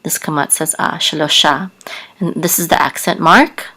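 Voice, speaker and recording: A woman giving a patient language lesson, soft-spoken and careful, stopping often with fillers as she spells out sounds. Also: sits low, normal speed, poor audio. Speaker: Hebrew teacher.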